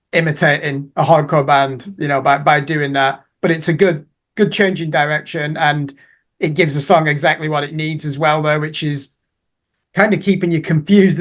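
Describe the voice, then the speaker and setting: A man chatting as co-host of a music review show, rambling and self-deprecating. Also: a little high. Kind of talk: casual music review chat.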